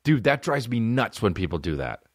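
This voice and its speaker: A man in his thirties hosting a comedy podcast, ranting in a profane, animated way. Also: on the low side, moderate pace, no echo, clean studio sound. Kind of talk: casual comedic rant.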